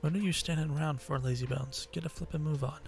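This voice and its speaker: A brash cheeky fairy sidekick. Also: male voice, a little high, fairly even intonation, fast talker, creaky. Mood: teasing. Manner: brash, teasing, slangy. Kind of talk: video game cutscene voice acting. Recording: game audio with music behind.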